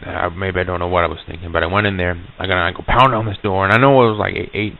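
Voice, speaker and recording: Gravelly low man on tinny old tape. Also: fairly even intonation. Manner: halting, stammering restarts. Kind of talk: recorded storytelling monologue.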